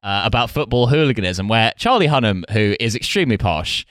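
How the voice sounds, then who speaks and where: A man riffs through a comic podcast chat, laughing at his own bits. His voice is bright and swoops lively up and down, recorded dry and close. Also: lowish voice, brisk, no room sound. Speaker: podcast co-host. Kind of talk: casual comedic chat.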